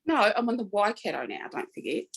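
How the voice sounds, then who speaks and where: A hoarse woman in her fifties with a New Zealand accent, chatting frankly as an interview guest. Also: medium pitch, very animated, fairly quick, a bit bright, low-quality recording. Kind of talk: casual chat.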